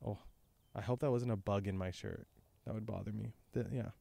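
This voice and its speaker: A man's voice: lowish voice, a little fast, vocal fry, dark tone, dry recording. Laid-back young man rambling outdoors. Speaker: podcast host. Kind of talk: casual comic chapter recap. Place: outdoors by a creek and tree line. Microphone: handheld microphone exposed to wind.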